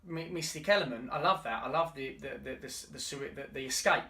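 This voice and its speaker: A man's voice: medium pitch, fairly quick, pushed and bright, recorded from a distance. A man co-hosting a podcast, talking earnestly in casual chat and often restarting his words. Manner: earnest, many restarts and stammers. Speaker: podcast co-host. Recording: roomy, off-mic.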